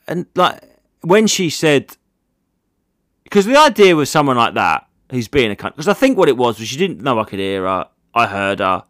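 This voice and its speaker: A man's voice: mid-range voice, very animated, normal speed, a bit bright, no room sound, clean studio sound. A man, a comedian hosting a casual solo podcast, rambling through jokey stories with plenty of swearing.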